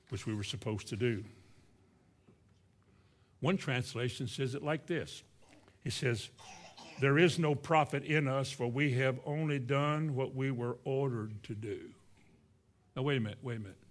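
A man preaching a sermon in a folksy way, acting out little scenes and asking his listeners questions. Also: mid-range voice. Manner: folksy, acts out boastful voices, asks the congregation questions.

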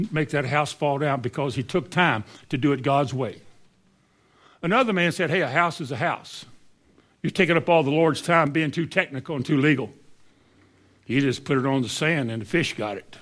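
A man preaching a sermon from scripture, asking the congregation rhetorical questions and swinging between high exclamations and quiet asides.

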